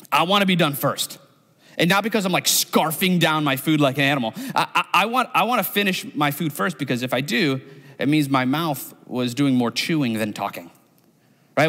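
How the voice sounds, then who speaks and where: A man's voice: mid-range voice, a bit bright, big-room sound. Punchy, conversational male pastor. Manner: conversational, punchy, asks the crowd. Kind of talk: sermon. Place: church sanctuary.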